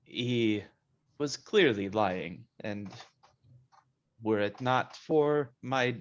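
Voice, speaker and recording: A man's voice: mid-range voice, very slow, highs cut off. A man voicing a courteous spellcaster who speaks formally and apologetically. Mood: formal apology. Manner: stiff, formal, apologetic speech.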